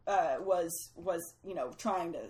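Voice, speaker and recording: A woman's voice: fairly low pitch, a little slow, darkish tone, rough recording. A woman casually explaining the history behind a film, agreeable and filling her sentences with ums.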